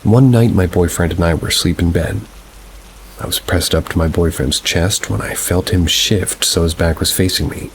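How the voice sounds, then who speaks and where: A man with a very low, deep voice reads submitted paranormal stories aloud. He takes his time over each sentence, in an unhurried, measured way. Faint rain patters behind him. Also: slight background noise, low-quality recording. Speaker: narrator. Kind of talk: scripted narration of submitted scary stories.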